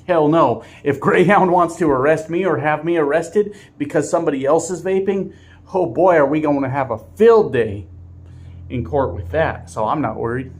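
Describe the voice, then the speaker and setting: A middle-aged man, a truck driver, casually telling a story to his viewers with animated chuckles. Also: mid-range voice.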